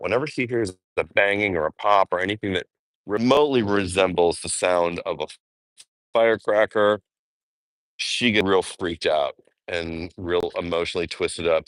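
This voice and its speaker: A man's voice: deep voice, dry recording. A man chatting casually on a live walking vlog outdoors in a park, rambling with fond asides. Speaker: vlogger.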